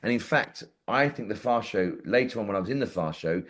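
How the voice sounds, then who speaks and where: Lively man telling rambling stories. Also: fairly low pitch, fairly quick. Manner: rambling, lively, swears freely, acts out quotes. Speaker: podcast guest. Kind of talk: casual anecdotal storytelling.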